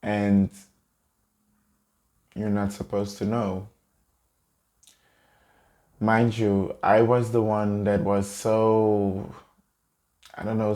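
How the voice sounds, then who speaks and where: A young man telling a personal story in a halting, choked-up way, close to tears. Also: fairly low pitch, gravelly, dark tone. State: tearful. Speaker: vlogger. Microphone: camera mic, seated in a chair.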